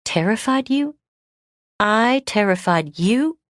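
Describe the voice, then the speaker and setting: A woman's voice: a little high, expressive, slow pace, no room sound, clean studio sound, pitched above the performer's own voice. A woman voicing a hurt, defiant young woman in a romance audiobook, speaking in a raised, pained, accusing tone. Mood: bewildered.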